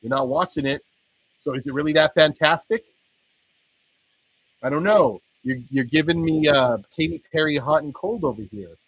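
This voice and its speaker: A man's voice: a little high, moderate pace, pauses often, fairly bright tone, husky, muffled recording. A man hosting his own stream, rambling casually with frequent swearing. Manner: rambling, swears and laughs often. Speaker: stream host.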